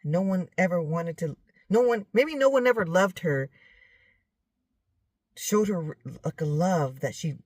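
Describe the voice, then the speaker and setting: A woman's voice: lowish voice, expressive, a little slow, long pauses, darkish tone, no room sound. A woman teaching from scripture and retelling a dream in a rambling way, often checking in with "okay?" and correcting herself. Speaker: Bible teacher.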